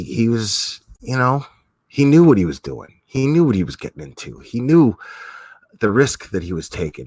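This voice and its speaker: Give me a low-pitched male streamer rambling through casual commentary with plenty of restarts. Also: slightly rough, dry recording. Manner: rambling with many restarts and swearing.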